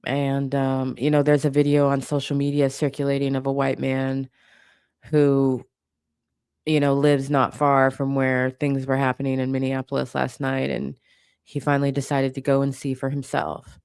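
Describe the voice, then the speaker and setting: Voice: mid-range voice, completely flat delivery, moderate pace, a little mellow, clean tone, dry recording, studio quality. A channel host giving an impassioned commentary monologue, blunt and profane, hammering points home with repetition.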